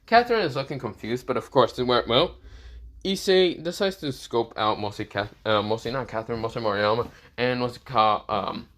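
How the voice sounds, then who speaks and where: A man's voice: mid-range voice, brisk, a bit bright. A young man casually narrating an improvised fan story, rambling and filling gaps with repeated phrases. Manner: rambling, many fillers like "this is where, well".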